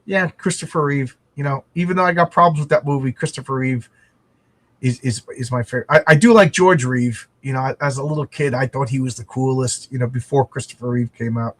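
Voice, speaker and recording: A man's voice: mid-range voice, fairly quick, a bit bright. A middle-aged man from the United States, chatting casually as a co-host, rambling with lots of restarts. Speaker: podcast co-host. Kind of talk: casual chat over a video call.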